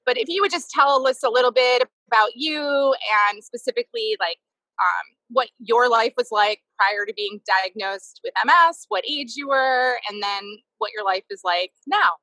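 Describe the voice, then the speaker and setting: A woman co-hosting a podcast, loud and enthusiastic, chatting casually with lots of fillers. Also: fairly high pitch, animated, moderate pace, no room sound, poor audio. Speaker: podcast co-host.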